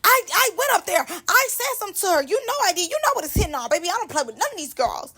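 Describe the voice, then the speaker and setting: A woman putting on the voice of a brash, defensive woman hosting a reality show, loud and sassy. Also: high-pitched, lively intonation, moderate pace, gravelly, soft background music, full character voice. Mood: dismissive. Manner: loud, sassy, talks down to others.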